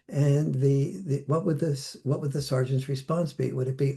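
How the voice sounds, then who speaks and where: A man's voice: medium pitch, fairly even intonation, moderate pace, vocal fry, mellow. An older man speaking reflectively as a podcast guest, now and then acting out the voices he quotes. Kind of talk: conversational interview.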